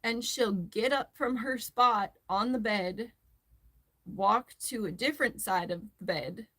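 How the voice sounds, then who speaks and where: Woman chatting slow while she crochets, rambly, laughs a lot. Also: medium pitch, bright, forceful tone. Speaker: crochet tutorial host. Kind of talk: casual chat while crocheting.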